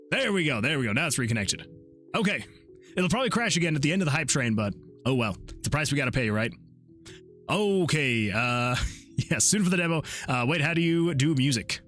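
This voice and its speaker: A man's voice: a little high, fairly bright tone. A man, an indie game developer, chatting casually on a livestream into a desk microphone, reading chat messages aloud and chuckling often. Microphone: desktop USB microphone.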